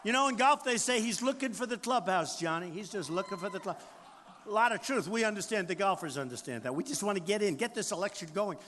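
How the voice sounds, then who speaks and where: A man's voice: high-pitched, quick pace, a bit bright. Boastful older man at a rally. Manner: boastful, repetitive, riffing off the crowd. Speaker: political candidate. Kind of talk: campaign rally speech. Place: large rally venue. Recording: long hall reverb, faint crowd noise.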